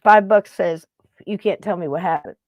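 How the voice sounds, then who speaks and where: A woman's voice: fairly low pitch, moderate pace, darkish tone, no room sound. A woman podcast host telling a funny story in casual chat, acting out both sides of a phone call with jokes.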